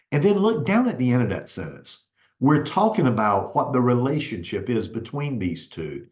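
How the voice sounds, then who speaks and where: Male instructor in a roomy, dull recording. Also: mid-range voice. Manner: explains patiently, checks in with "okay?". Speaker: real estate instructor. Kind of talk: recorded lecture walking through a contract.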